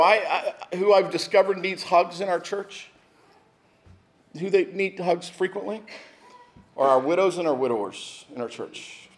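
A middle-aged man, a pastor, preaching a sermon in a church in a conversational way, with restarts and asides to the congregation. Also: high voice. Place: church sanctuary.

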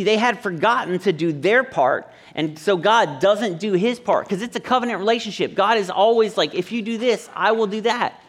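A man preaching a sermon in a conversational, joking way, acting out little quotes between points. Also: sits high. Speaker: pastor. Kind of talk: sermon with humorous asides. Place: church service.

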